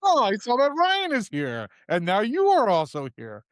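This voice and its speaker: A man doing a chummy, self-absorbed Eastern European fellow with a thick former Soviet bloc accent, greeting everyone in a stiff, formal way. The voice sits high and loud above his own. The sound is close and dry. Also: huge pitch swings, moderate pace, dry recording, exaggerated voice. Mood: cheery. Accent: former Soviet bloc, put on.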